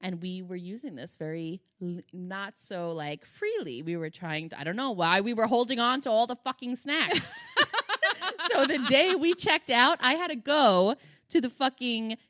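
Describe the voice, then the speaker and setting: A woman's voice: fairly high pitch, animated, moderate pace, a bit bright, dry recording, studio quality. A woman in her thirties co-hosting a podcast, telling rambling, profane stories in casual chat and laughing often. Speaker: podcast co-host.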